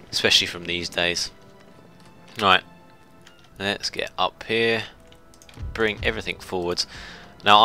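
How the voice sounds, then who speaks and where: Low-voiced man with a bright edge. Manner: chatty and self-mocking, shouting orders at ships when excited. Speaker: gameplay commentator. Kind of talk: casual let's play commentary.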